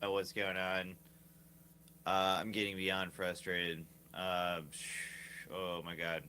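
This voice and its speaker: A man's voice: deep voice, monotone, slow pace, sharp tone, a little hiss or hum. A man livestreaming an angry, profane, confrontational rant at people who talk about him.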